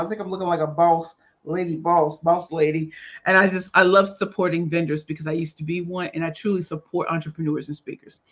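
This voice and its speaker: Female livestream host, animated and slangy, a bit tired, dull lo-fi sound. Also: lowish voice. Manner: animated, greets viewers by name, slangy. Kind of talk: casual livestream chat.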